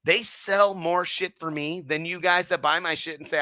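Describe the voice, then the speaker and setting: A man's voice: fairly high pitch, steady tone, moderate pace, bright, forceful tone, no echo. A man guesting on a casual podcast about his car audio company, swearing constantly and heatedly acting out his customers' remarks.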